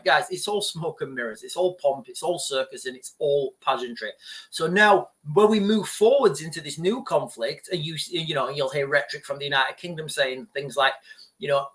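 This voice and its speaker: A man's voice: on the high side, normal speed, a bit bright. A man vlogging political commentary to camera. He rambles, restarts his sentences often and keeps turning to the viewers as "guys". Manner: rambling, with frequent restarts and repeated asides to "guys".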